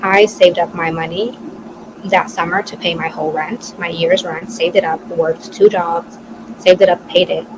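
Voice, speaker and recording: A woman in her twenties co-hosts a casual podcast, telling a personal story in a chatty, loose way full of "like" and free swearing. Her voice is fairly low with fairly even intonation at a moderate pace, over a noisy background hiss.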